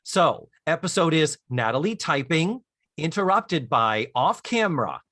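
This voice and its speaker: A man co-hosting a podcast in casual chat, animated and storytelling, acting out scenes as he goes. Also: a little high, measured pace, no echo, studio quality. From Florida, US. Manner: animated storyteller, acts out lines and hums tunes. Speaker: podcast co-host.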